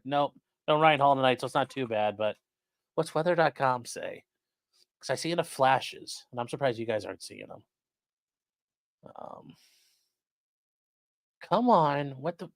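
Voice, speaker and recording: Live-stream host, casual chat, animated pitch, swears a lot, dry close sound. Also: no echo. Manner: animated, profane, rambling, talks to chat and dog. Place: at home indoors.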